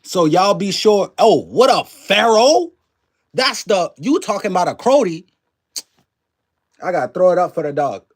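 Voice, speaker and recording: A man with a high-pitched voice rants to a live chat, preachy and emphatic, full of slang and swearing. He keeps firing rhetorical questions at his viewers. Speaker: livestream commentary host. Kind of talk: casual ranting commentary to a live chat.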